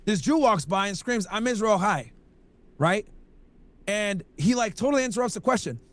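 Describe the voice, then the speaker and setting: A man's voice: sits high, lively intonation, moderate pace, fairly bright tone. A man chatting casually as a streamer, telling rambling stories full of crude slang. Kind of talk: casual podcast chat.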